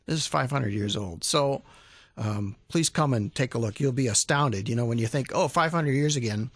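A man, a museum director, talking as a guest in a radio studio interview, halting with many fillers and restarts. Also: medium pitch, vocal fry, breathy edge, dry recording. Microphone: studio microphone.

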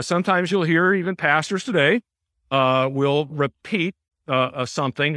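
A man teaching a Bible class in a room with a small group, explaining in a conversational way and often pausing to put questions to the class. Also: fairly high pitch, sharp tone, dry recording, studio quality. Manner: explanatory, asks the class questions, many uh fillers.

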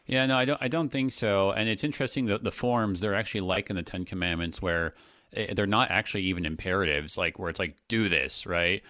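A man's voice: sits low, brisk, sharp tone, no room sound, clean studio sound. A man hosting a radio talk show as a pastor, thinking aloud in casual talk with many restarts and fillers.

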